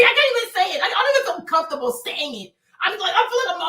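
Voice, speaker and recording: Woman host, high and lively, bright sharp voice, dramatic gossip with shrieks and Spanish asides, echoey room. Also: rapid-fire, few pauses, distant mic. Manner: loud, dramatic, with shrieks and laughter; switches into Spanish phrases. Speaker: livestream host. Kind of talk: casual gossip commentary.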